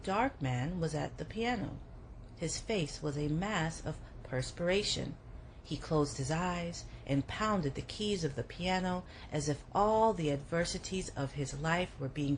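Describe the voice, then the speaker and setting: Brief: woman, low pitch, steady memoir reading for a book club. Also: slight background noise, low-quality recording.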